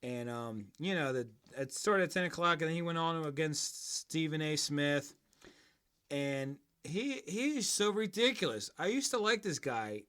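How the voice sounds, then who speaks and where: A sports podcast host who talks high in his range. His tone is bright and cutting, and he goes off on profane, mocking tangents in casual chat. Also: animated, unhurried, clear, resonant tone.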